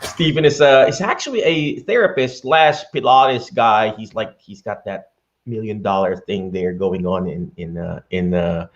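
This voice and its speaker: A man hosting a live-streamed interview, talking in an animated, preachy way to his viewers. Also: on the low side, a little slow, slight background noise. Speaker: host. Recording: dull lo-fi stream audio with faint music.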